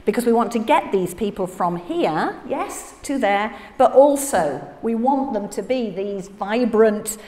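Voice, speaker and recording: A woman giving a conference keynote, animated and chatty, laughing through asides to the audience. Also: fairly high pitch, measured pace, few pauses. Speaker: plenary conference speaker. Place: large conference hall. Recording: echoey hall with faint room ambience.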